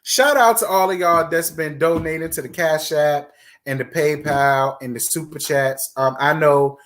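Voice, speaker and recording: Man around forty, raised pitch, chatty livestream host, emphatic repetition. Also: fairly even intonation, normal speed, fairly bright tone. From Virginia, USA. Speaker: host of a live chat stream. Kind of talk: casual livestream chat, reading viewer comments.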